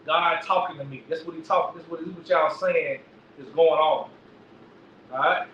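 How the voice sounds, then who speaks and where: A man's voice: fairly high pitch, fairly even intonation, normal speed, a bit bright. A man teaching the Bible in an emphatic preaching style, often asking "right?" to his listeners. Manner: emphatic, repeats lines, asks "right?" often. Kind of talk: street-preaching bible lesson. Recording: echoey, distant, dull lo-fi recording with faint noise.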